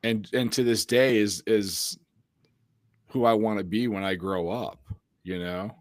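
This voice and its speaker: A man's voice: on the low side, unhurried, no echo. Man telling stories in a dry room. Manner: storytelling, animated, laughs often. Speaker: youth ministry podcast host. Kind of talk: casual conversation.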